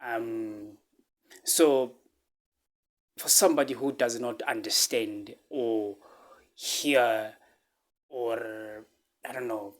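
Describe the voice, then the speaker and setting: A man from Africa, telling a personal story to his viewers in halting speech full of fillers, restarts and repeated phrases. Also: mid-range voice, fairly even intonation. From South Africa. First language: a local South African language. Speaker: vlogger.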